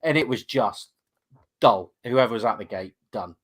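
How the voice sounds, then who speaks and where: A man's voice: medium pitch, lively intonation, normal speed, fairly bright tone, slightly rough. A man co-hosting a casual fan podcast, rambling and enthusiastic with lots of fillers. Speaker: podcast co-host.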